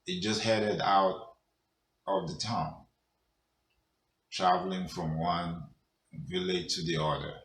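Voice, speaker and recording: A male storyteller narrates a folk tale in a very low, unhurried voice. He keeps it conversational, with fillers. The room is echoey and faint noise sits behind him. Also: fairly even intonation, a bit bright.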